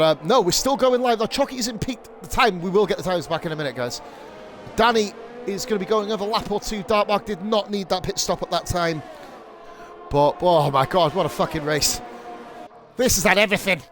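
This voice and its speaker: A young man streaming live sim-racing commentary, excitable and rambling, swearing freely and going off on rants. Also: high-pitched, fast. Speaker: league streamer and race commentator.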